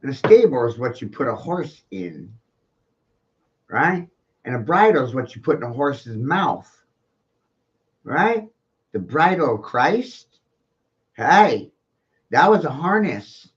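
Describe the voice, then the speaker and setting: A man's voice: fairly high pitch, fairly bright tone. A man giving rambling, profane solo commentary, full of rhetorical questions. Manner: rhetorical, profane, keeps asking "right?"; slow, drawn-out delivery. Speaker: commentary streamer. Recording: dull lo-fi home recording.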